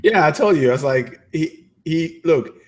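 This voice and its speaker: A man's voice: on the high side, lively intonation, moderate pace. A man co-hosting a casual movie review chat, rambling with many fillers and restarts. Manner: acts out characters' lines in quotes.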